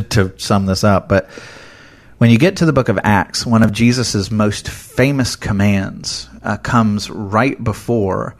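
A man giving an earnest, conversational sermon, animated and full of casual fillers as he talks through scripture. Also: on the low side, slow pace. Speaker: preacher.

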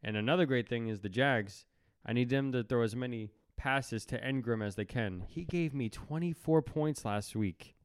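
A man co-hosting a podcast, talking sports picks with excitement in casual banter. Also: medium pitch, moderate pace, hardly any pauses, clear, resonant tone, no echo, studio quality. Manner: animated, enthusiastic. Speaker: podcast co-host. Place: indoor podcast studio.

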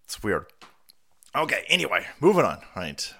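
A man's voice: lowish voice, huge pitch swings, normal speed, vocal fry, bright, forceful tone, slightly rough. A man hosting a casual livestream, congested from a cold and a bit winded, talking in a sarcastic, profane, rambling way. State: stuffy nose from a cold. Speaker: streamer host.

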